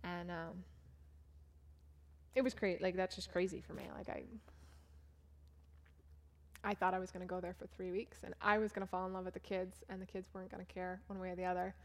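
A woman's voice: fairly low pitch, level tone, fairly quick, pauses often. A young woman, a volunteer teacher, telling casual stories about her class, chatty and full of "like" and "um". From United States. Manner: chatty, full of "like" and "um", acts out what others said. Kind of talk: casual storytelling talk over photos.

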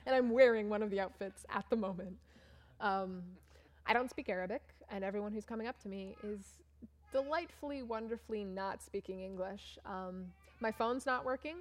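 A woman's voice: mid-range voice, moderate pace. A young woman from Maine telling a chatty, self-mocking story about a mission trip to a church audience while showing slides. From Maine, USA. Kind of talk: casual storytelling talk with slides.

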